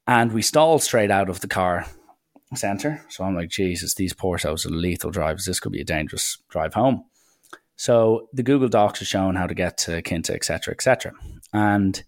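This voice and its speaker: A young man tells a holiday story in a chatty, animated way and acts out what people said. His voice sits low. The sound is dry and close to the mic. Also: no echo. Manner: chatty, animated anecdotes with acted quotes. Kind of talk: casual storytelling.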